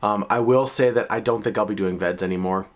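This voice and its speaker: A young adult man giving a reflective, casual update to his viewers, often pausing to search for words. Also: lowish voice. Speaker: video creator. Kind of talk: casual vlog update to camera.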